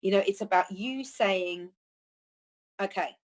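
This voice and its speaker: A woman with a mid-range, slightly slow voice, captured on a low-quality recording. She's a holistic healer and podcast host giving a reflective monologue about words and healing, speaking earnestly but in a loose, rambling way packed with "you know" fillers.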